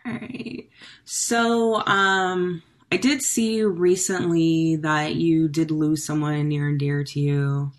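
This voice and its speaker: A woman hosting a casual interview, relaxed and supportive, answering with short affirmations. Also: low-pitched, slow pace.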